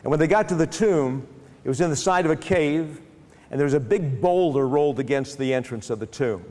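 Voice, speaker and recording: A man's voice: a little high, fairly quick. Man telling a Bible story in a long echo. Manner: animated storytelling with restarts. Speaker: speaker.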